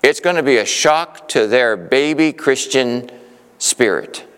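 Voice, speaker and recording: A man of middle pitch preaching a sermon, pushing hard in some passages and easing into calm comfort in others. His delivery is emphatic and direct, as if to a congregation. A long reverb from a large church hall trails each phrase. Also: unhurried, clear, resonant tone. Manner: emphatic, shifting between urgent and soothing. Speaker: pastor.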